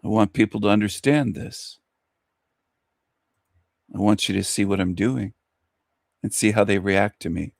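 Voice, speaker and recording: A man hosting an online radio show, boastful and taunting in a drawn-out way. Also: fairly low pitch, vocal fry, no echo, studio quality. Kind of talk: casual online radio talk.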